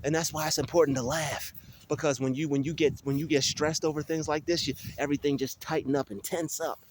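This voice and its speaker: A young man vlogging on his phone while walking outdoors in a field, talking in an animated, ranting way with many restarts. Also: fairly high pitch, brisk, a little hiss or hum. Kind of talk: casual vlog monologue. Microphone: phone held while walking.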